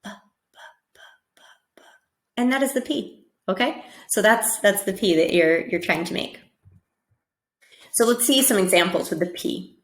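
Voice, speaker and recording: A woman's voice: mid-range voice, lively intonation, reverberant. Patient American woman teaching pronunciation. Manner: patient, repeats sounds slowly and checks in with "okay?". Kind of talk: instructional lesson.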